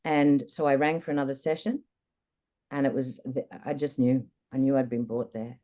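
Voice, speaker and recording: A woman guest in an interview, candidly recounting a personal experience in a reflective, lively way. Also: extremely low pitch, moderate pace. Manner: candid, reflective, animated retelling. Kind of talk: personal storytelling in conversation.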